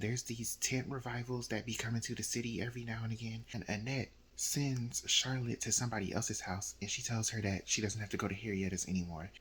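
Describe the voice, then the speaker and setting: A man's voice: fairly low pitch, fairly bright tone. A young man casually retelling a novel's plot, slipping into quoted lines from the characters. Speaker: book reviewer. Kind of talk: casual book recap. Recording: faint background noise.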